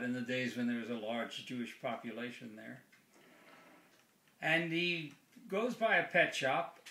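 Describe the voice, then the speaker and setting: Bright-voiced man telling a joke. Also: mid-range voice. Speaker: joke teller. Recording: echoey room.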